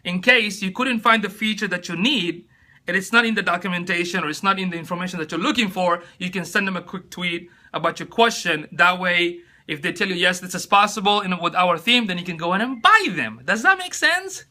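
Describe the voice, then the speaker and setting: A man's voice: high voice, fairly quick, pushed and bright. A chatty, upbeat man hosting a casual live-stream tutorial on his phone, greeting viewers by name as he talks. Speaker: live-stream host giving tips.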